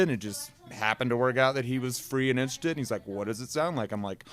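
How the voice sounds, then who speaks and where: A man's voice: medium pitch, brisk, hardly any pauses. A man, a musician guest, chatting casually and rambling with laughing asides. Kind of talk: casual chat.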